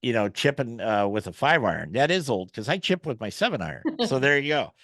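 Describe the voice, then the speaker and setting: A man's voice: mid-range voice, very animated, a little fast, fairly bright tone, no echo. A man hosting a casual golf interview, telling folksy stories with lots of fillers and restarts. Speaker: podcast host.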